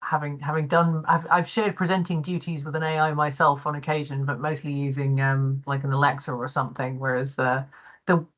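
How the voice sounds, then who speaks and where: A man's voice: fairly high pitch, little pitch movement, brisk, fairly bright tone, dull audio. A man taking part in a casual discussion, speaking hesitantly with many fillers and restarts. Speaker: participant.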